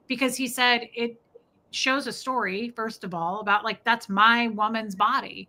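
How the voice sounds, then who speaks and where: A woman's voice: fairly high pitch, moderate pace. A woman co-hosting a podcast, retelling a movie scene in casual chat, full of "like" fillers. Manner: animated storyteller, many "like" fillers. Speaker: podcast co-host.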